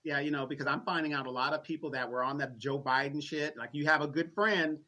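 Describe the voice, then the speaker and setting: A man's voice: a little high, fairly even intonation, fast, sharp tone. A man co-hosting a political commentary chat, laid-back and agreeable, drawing out his points. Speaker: co-host.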